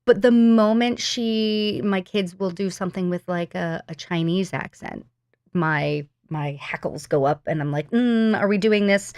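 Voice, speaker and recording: A woman co-hosting a podcast, telling stories in an animated way. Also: lowish voice, measured pace, no room sound, clean studio sound. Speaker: podcast co-host. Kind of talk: casual chat.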